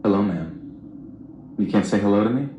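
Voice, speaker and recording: A man's voice: fairly low pitch, animated, a little slow, lo-fi sound, a little hiss or hum, voice pushed up. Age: adult. Figure: a man doing an unhinged male customer, roomy echo. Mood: mock polite. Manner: swings from polite to shouting.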